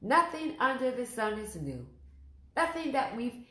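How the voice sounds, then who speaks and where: A woman's voice: on the high side, sing-song, a little slow, pushed and bright. Female podcast host, earnest testimony, talks straight to listeners, echoey room. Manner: earnest, direct address to listeners. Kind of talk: faith-based personal testimony.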